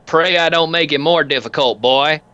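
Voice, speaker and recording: A man voicing a surly, foul-mouthed male biker gang leader in a tabletop game, gruff and threatening. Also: a little high, normal speed, pushed and bright, dry recording, lo-fi sound. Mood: menacing. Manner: gruff, threatening, swearing constantly.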